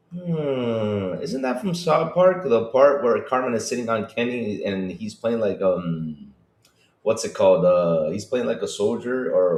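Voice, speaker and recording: A man co-hosts a gaming podcast livestream in casual chat, calling out viewers by name. His pitch leaps around with real liveliness, and the room adds a noticeable echo. He talks in an animated, loose way. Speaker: podcast co-host.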